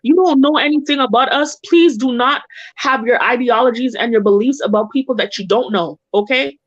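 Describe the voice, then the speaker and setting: A woman's voice: a little high, fairly quick, no echo. A woman from the Caribbean, a guest on a chat show, venting in a heated, indignant, emphatic way. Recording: dull lo-fi audio.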